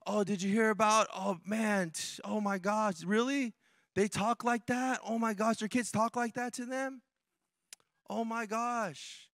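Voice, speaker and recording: A man's voice: high-pitched, fairly even intonation, measured pace, fairly bright tone, dry recording, studio quality, pitched above the performer's own voice. A male pastor putting on the voice of a nosy church gossip, gasping out shocked exclamations. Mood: scandalized.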